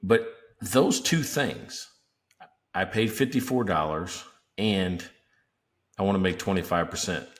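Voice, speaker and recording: A man with a fairly low voice co-hosting a casual business podcast. He talks emphatically and lays out examples step by step, like someone used to running seminars. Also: a little slow, long pauses. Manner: emphatic, teaching with worked examples. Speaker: podcast co-host.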